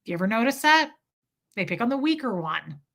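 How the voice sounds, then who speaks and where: A woman's voice: a little high, sing-song, fairly quick, a bit bright. A woman hosting a casual livestream, chatting candidly and reacting to viewer comments and super chats.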